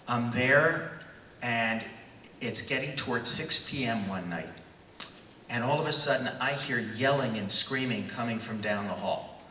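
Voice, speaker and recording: A man in his sixties tells a lively stage anecdote to a convention crowd, acting out the voices as he goes. His tone is bright and forceful. He is heard from a distance in a large reverberant hall, with a faint hiss underneath. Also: mid-range voice. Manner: animated storyteller who acts out voices. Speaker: panel guest. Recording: echoey hall, far from mic.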